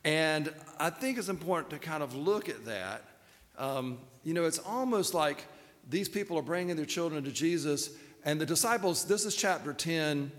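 A man's voice: on the high side, a bit bright, in a large hall. A man preaching a sermon in a loose, conversational way, with fillers and restarts. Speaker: pastor.

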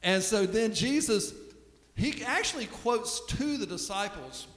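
A man preaching a sermon in a relaxed, storytelling way, often restarting his sentences, recorded in a church sanctuary. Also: high voice, a little slow. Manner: conversational storytelling, with frequent restarts. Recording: echoey hall with long reverb.

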